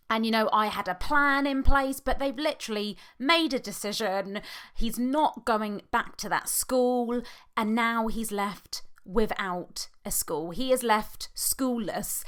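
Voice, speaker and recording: A woman's voice: fairly high pitch, a bit bright. Emotional British woman on the verge of tears. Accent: British English. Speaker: podcast host; hypnotherapist. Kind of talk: personal podcast monologue.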